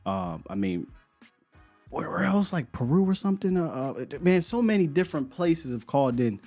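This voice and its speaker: A man's voice: fairly high pitch, very animated, normal speed, a little mellow, soft background music. Laid-back man hosting a sports show. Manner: loose, laughing, repeats words. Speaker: sports podcast host. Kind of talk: casual live-stream chat.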